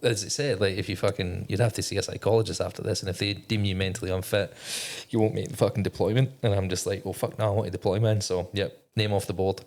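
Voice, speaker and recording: Profane, low-voiced man telling a story. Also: steady tone, fast talker, hardly any pauses, darkish tone. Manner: profane, swears constantly, quotes his own thoughts. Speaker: podcast guest, former navy technician. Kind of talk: candid storytelling in an interview.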